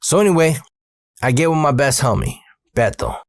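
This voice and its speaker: A man telling a story from his youth in a casual, profane, animated way, full of slang. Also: medium pitch, normal speed, no room sound, studio quality.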